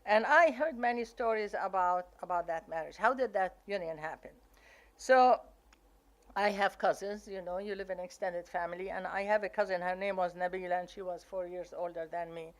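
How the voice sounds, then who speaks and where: An older woman from Palestine with an Arabic accent, telling family stories from her memoir with lively, acted-out quotes. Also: lowish voice, normal speed. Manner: animated storytelling, acting out family quotes. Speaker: memoir author.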